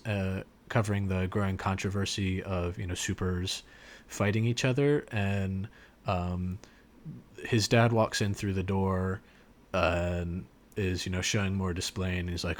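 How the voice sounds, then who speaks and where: A man co-hosting a podcast, retelling a scene in casual chat with lots of fillers and restarts. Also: low-pitched. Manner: rambling, many fillers and restarts. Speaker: podcast co-host.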